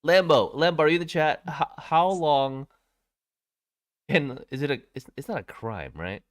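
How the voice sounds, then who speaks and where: A man's voice: a little high, moderate pace, no room sound, clean studio sound. A man co-hosting a podcast in casual chat, hesitant and stammering as he starts his sentences over. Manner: hesitant, stammering, restarts a lot. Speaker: podcast co-host.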